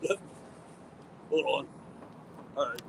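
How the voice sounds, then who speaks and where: A man's voice: medium pitch, expressive, takes it slowly, creaky, fairly bright tone, slight background noise, rough recording. A man live-streaming outdoors on a headset, joking around and mocking himself as he stages a silly street stunt. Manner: goofy, self-mocking, rambling. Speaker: livestreamer staging a mock audit. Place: outdoors on a city street by concrete.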